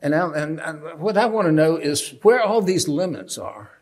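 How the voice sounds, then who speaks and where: Here a man with a somewhat high, expressive voice talks at a moderate pace. He teaches the Bible from a lectern in an easygoing way, questioning his listeners and joking at his own expense.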